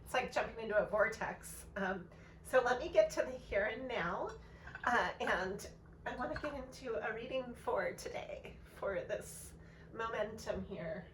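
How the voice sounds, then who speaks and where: A woman reading tarot in a casual vlog, soft-hearted and rambling, with many pauses and ums. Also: fairly high pitch. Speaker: tarot reader. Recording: voice a bit far from mic, faint background noise.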